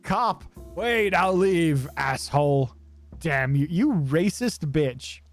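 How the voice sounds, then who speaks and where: A man's voice: a little high, animated, slow pace. A man voicing a defensive, foul-mouthed male kiosk owner, indignant and pleading. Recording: faint music behind.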